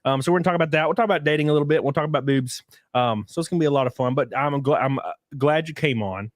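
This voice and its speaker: A young man hosting a casual podcast chat, excitable and crude, swearing freely. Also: a little high, rapid-fire, no echo, clean studio sound. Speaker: podcast host.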